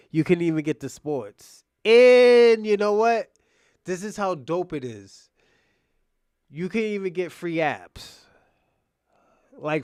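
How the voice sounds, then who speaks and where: Reaction streamer, male, high and smooth voice, animated and profane, casual live commentary. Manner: animated, loose and profane, talking to chat.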